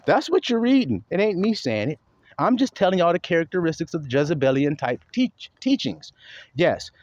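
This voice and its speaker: Male street-style preacher, profane and combative, very animated pitch, dry lo-fi sound. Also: dry recording. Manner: profane, confrontational, lecturing; slows down to read verses aloud. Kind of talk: sermon reading scripture. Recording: dull lo-fi recording.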